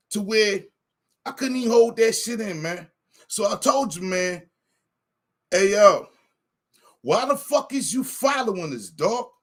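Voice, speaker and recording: A man's voice: high-pitched, fairly bright tone, breathy edge. A man telling a heated, profane story in a casual chat, acting out what he said. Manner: heated, profane anecdote with acted-out quotes. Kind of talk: animated storytelling.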